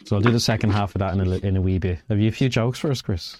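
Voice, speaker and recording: A man's voice: fairly low pitch, noisy background. Man hosting a podcast. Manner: reads a nursery rhyme in a slow sing-song. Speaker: podcast host. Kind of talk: casual podcast chat. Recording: dry close mic with faint music behind.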